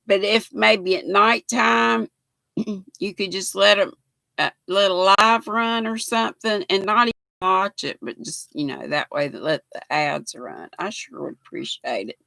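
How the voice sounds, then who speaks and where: Slow, gravelly older woman chatting. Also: mid-range voice, sharp tone, no room sound. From United States. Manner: chatty, thanks viewers often, laughs easily. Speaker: livestream host. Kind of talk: casual livestream chat reading comments.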